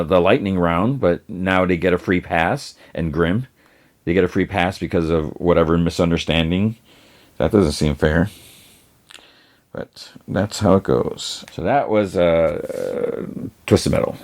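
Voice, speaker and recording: Deep-voiced man rambling through a recap. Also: darkish tone. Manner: rambling, many fillers and restarts. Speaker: podcast host. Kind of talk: casual episode recap.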